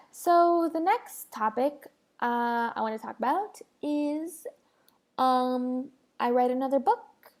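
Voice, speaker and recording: A woman's voice: sits high, a little mellow. A woman hosting a solo podcast, ranting casually in a rambling, emphatic way. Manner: rambling, emphatic, heavy use of "like" and "literally". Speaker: podcast host.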